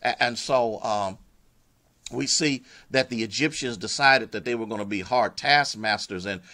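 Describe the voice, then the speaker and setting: A man's voice: lowish voice, normal speed, bright, forceful tone. A man preaching a live-streamed sermon with an American accent, greeting viewers by name as he goes, fervent and personal, with many restarts and repeated words. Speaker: pastor.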